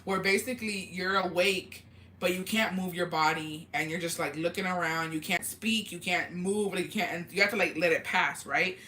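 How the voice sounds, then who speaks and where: A woman's voice: lowish voice, moderate pace. Chatty swearing woman telling stories. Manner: swears freely and laughs often; animated storytelling with lots of fillers. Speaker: livestream host. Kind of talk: casual livestream chat, reading viewer comments.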